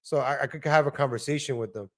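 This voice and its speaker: A man's voice: mid-range voice, quick pace. A man hosting a live stream, commenting on viral videos in a blunt, profane, ranting way. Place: lives in Texas.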